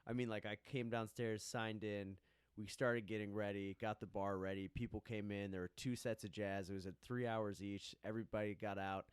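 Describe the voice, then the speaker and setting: Young male guest, smooth and resonant, close dry mic; animated storyteller. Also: fairly low pitch, normal speed, dry recording. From American Midwest. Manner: animated storyteller, acts out quoted voices. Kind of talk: casual storytelling chat. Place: small studio.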